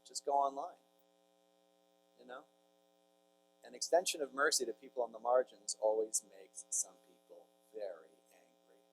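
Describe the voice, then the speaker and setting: Priest telling stories to a crowd. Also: male voice, medium pitch, animated, normal speed, long pauses, noisy background. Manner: conversational, jokey asides to the crowd. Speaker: priest giving a conference talk. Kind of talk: storytelling talk to a large audience. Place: large hall with an audience.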